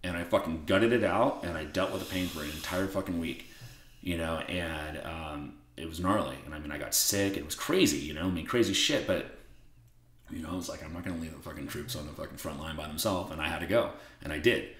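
A man telling a story as a podcast guest in a blunt, profane, animated way. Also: very deep voice, brisk, roomy sound, slight background noise. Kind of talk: casual interview storytelling.

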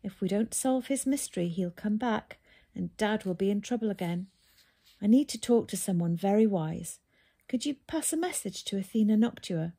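A woman's voice: mid-range voice, animated, normal speed, vocal fry, mellow, husky. A woman doing an earnest, worried young boy.

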